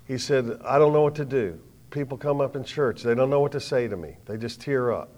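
An older man of medium pitch delivers a sermon as a story, swinging from hushed lines to loud bursts with dramatic pauses.

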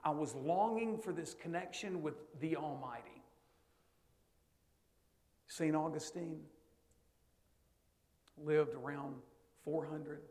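A middle-aged man preaching a sermon, telling stories that swing from hushed to loud and emphatic. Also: a little high, vocal fry.

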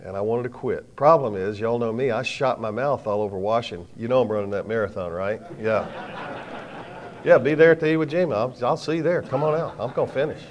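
A middle-aged man preaching a sermon, telling folksy stories with sudden loud bursts and quiet drops. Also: mid-range voice, brisk, muffled recording.

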